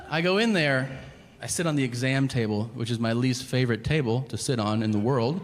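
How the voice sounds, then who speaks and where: A man doing a stand-up comedy set, telling stories with animated, yelled impressions. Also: mid-range voice, brisk. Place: comedy venue stage. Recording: live venue with long reverb and audience noise.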